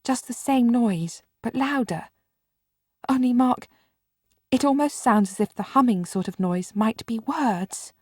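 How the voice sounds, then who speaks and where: A woman's voice: fairly high pitch, animated, unhurried, darkish tone, husky, no room sound, clean studio sound, voice pushed up. A woman voicing an anxious, polite young girl in a storybook reading. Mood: uneasy.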